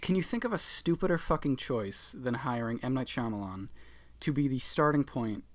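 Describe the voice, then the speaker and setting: A man co-hosting a podcast, chatting casually about movies with sarcastic, animated swearing. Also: mid-range voice, normal speed. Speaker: podcast co-host. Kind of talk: casual movie-review chat.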